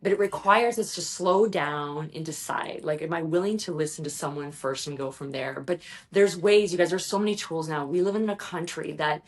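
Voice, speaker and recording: A lower-pitched woman speaks earnestly as a podcast guest and keeps turning to the listeners as "you guys." She tells stories with sudden bursts of energy, then slows right down. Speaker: guest, executive performance strategist. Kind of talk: podcast interview talk.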